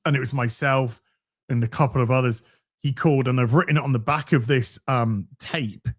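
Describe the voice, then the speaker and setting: A man's voice: mid-range voice, steady tone, fairly quick. A man with a Yorkshire accent, co-hosting a casual podcast, rambling, sweary and joking. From Yorkshire, England. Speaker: co-host.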